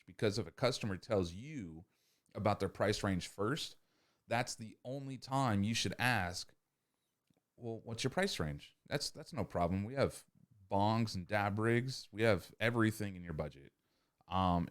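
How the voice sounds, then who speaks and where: Low-voiced man ranting casually, lots of swearing. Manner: profane, rambling, acts out customer scenes. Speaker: podcast host. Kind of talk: casual sales-tips podcast monologue.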